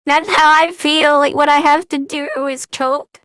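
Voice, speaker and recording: A woman's voice: sits high, flat delivery, measured pace, a bit bright, no room sound, clean studio sound. A woman hosting a casual podcast chat, playful and giggly, making silly sound effects. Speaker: podcast host.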